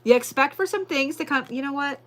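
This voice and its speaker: A woman's voice: sits high, a little fast. A woman doing a casual live tarot reading, brash and profane, repeating her lines for emphasis. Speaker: tarot and zodiac reader, livestream host.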